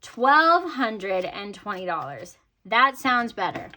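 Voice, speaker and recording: A woman's voice: medium pitch, very animated, slow, pushed and bright, a little hiss or hum. A woman vlogger chatting casually to her viewers about her budget, upbeat, with frequent ums and laughs. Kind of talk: casual chat to camera.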